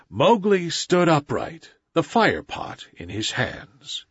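A man reading a story aloud in a measured, expressive way, in a slightly dull recording. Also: fairly high pitch, slightly rough, no echo. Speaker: audiobook narrator. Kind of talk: storybook narration.

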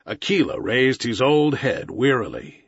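A man reading a story aloud in a measured, expressive way, in a slightly dull recording. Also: mid-range voice, vocal fry, breathy edge, dry recording. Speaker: audiobook narrator. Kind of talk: storybook narration.

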